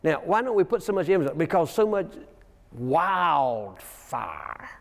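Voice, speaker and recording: Reverberant male preacher, fairly high voice. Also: very animated, moderate pace, creaky. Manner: folksy, chuckling asides, reads scripture aloud. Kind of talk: sermon. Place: church sanctuary. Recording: long church reverb.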